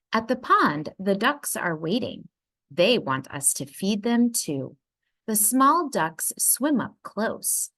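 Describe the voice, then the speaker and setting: A woman reading a children's picture book aloud, expressive and playful with the sound words. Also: fairly low pitch. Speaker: read-aloud storyteller.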